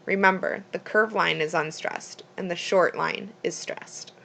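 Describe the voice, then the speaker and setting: Creaky-voiced woman reading a school presentation. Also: lowish voice, unhurried, bright, forceful tone, slight background noise. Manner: reads plainly from notes, with small slips and restarts.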